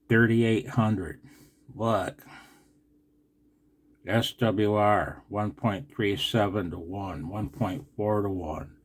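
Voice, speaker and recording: A man's voice: on the low side, darkish tone. A middle-aged man ranting in frustration about radio antennas, swearing and repeating himself. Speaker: ham radio vlogger. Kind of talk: heated rant to camera.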